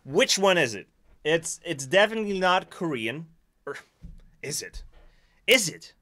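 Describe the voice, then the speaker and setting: A man's voice: a little high, unhurried. A man from Sweden with a Swedish accent, chatting casually on a live stream and often laughing at himself. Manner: animated, laughing, self-deprecating.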